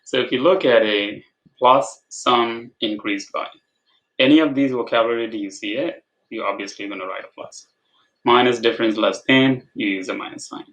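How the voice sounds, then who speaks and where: A man's voice: mid-range voice, normal speed, a bit bright, low-quality recording. A man tutoring algebra over a video call, patient, repeating his prompts and checking for understanding. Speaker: math tutor. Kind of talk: online tutoring session.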